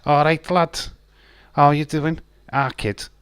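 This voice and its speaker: A man's voice: a little high, fairly even intonation, slow pace, smooth, no echo, clean studio sound, voice pushed up. A man doing an exaggerated Liverpool accent, impersonating a cheery football star in a matey, sing-song way. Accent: Liverpool put-on.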